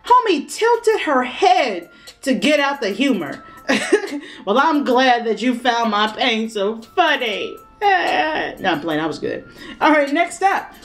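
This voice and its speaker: A woman's voice: sits high, big pitch swings, slow, faint music behind. A young woman chatting casually on her vlog, brash and playful, swearing freely and laughing often. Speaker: vlogger.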